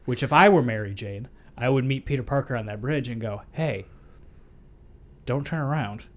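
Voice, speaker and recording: A man co-hosting a casual movie podcast, wryly retelling scenes and dropping into quick impressions. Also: medium pitch, fairly bright tone. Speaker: podcast co-host. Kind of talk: casual movie review chat.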